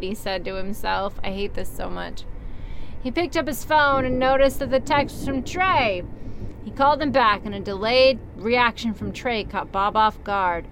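A woman's voice: fairly high pitch, a little slow, fairly bright tone, slight background noise. A young woman reading a story aloud and mocking it with sarcastic, swearing asides. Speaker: story reader.

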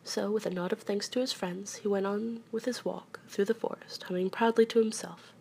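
A woman reads a children's story aloud with an expressive, storytelling manner. Her voice has a gravelly, fry-touched texture at a middle pitch, and she slips into hushed whispers at moments. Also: moderate pace, slight background noise. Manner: expressive, dips into soft whispers.

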